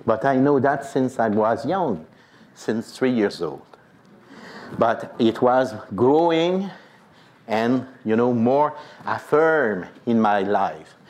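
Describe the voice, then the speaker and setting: A priest tells a personal story in an animated way, often saying "you know". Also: male voice, mid-range voice, takes it slowly, slight background noise.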